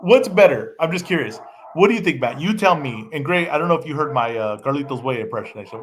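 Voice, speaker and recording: A man's voice: a little high, fast talker. A man co-hosting a boxing podcast in casual chat, teasing and joking with his co-hosts. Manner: teasing, jokey, excitable. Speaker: podcast co-host.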